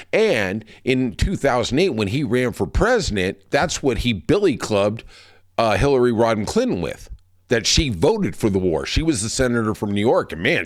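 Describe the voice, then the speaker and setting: A man hosting a podcast, delivering a heated, profane political rant. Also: medium pitch. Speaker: podcast host. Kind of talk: political commentary monologue.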